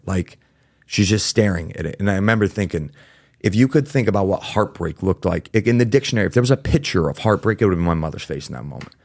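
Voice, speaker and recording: A man with a very low, gravelly voice speaks as a podcast guest. He talks in a casual, candid way, full of fillers and now and then a swear word. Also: no room sound. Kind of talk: candid storytelling in a podcast interview.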